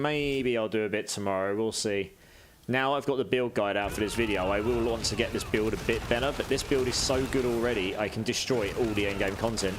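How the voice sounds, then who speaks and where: A man's voice: lowish voice, background noise. A British man streaming a game live, chatting casually as he reads out and answers viewer messages.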